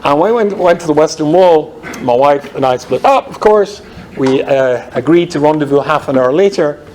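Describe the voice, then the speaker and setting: A man's voice: fairly high pitch, expressive, normal speed, darkish tone, slight background noise. A Scottish man, a rabbi, telling funny stories in a talk with a dry, wry delivery. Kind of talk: humorous storytelling talk.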